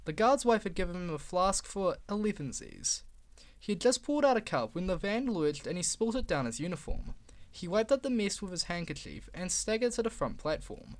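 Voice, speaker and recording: A man reading a children's storybook aloud in a lively, expressive way. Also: high voice, moderate pace. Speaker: reader.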